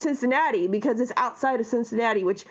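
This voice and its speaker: A woman co-host telling a long story in casual chat, animated and full of swearing. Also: on the high side, fast. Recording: dull lo-fi sound.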